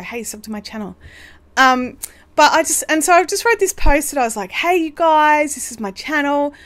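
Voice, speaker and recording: A woman's voice: a little high, a bit bright. An Australian woman hosting a casual craft livestream, chatty and bubbly, rambling with lots of fillers. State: hiccups. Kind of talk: casual live chat.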